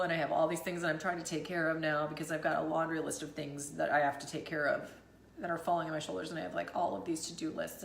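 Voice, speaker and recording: A woman's voice: low voice, creaky, a little hiss or hum. Woman, 30s, mom vlogger; emotional, self-deprecating, rambling; echoey room. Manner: tearful, rambling, self-deprecating, laughs through it. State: teary after crying. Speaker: vlogger, mother of two. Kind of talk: emotional personal vlog.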